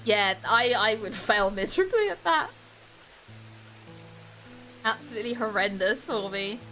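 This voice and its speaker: Her tone is bright and forceful, with lively intonation, a medium pitch, and a slightly slow pace. She's a British woman casually chatting to viewers while playing a game on stream, using a desk mic with webcam as game music plays.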